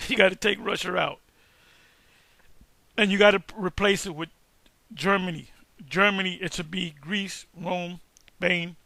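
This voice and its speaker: Brief: man with a bright, tense, raspy-edged voice, teaching casually and emphatically with restarts. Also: high-pitched, no room sound. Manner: emphatic, halting, with many restarts. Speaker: online teacher. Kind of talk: casual lecture reacting to search results.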